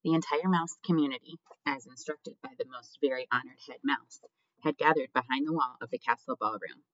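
A man narrating an audiobook in a measured, expressive storybook reading. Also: mid-range voice, no echo. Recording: dull dry lo-fi recording.

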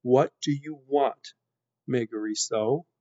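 A man voicing a gentle, kind young princess who speaks softly and tenderly. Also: medium pitch, takes it slowly, no room sound, natural voice. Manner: soft-spoken, tender. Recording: dull lo-fi recording.

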